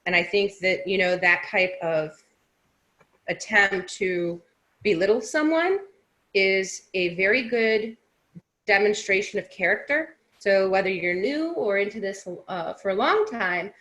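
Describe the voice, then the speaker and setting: A woman co-hosting a casual discussion, talking in a lively, chatty way with a sarcastic edge. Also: mid-range voice, a little slow.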